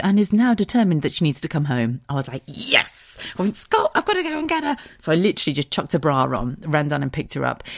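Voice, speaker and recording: A woman's voice: deep voice, darkish tone, no room sound. A woman, hosting a podcast and telling a story in casual chat, swearing freely and close to tears. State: tearful, close to crying. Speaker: podcast host.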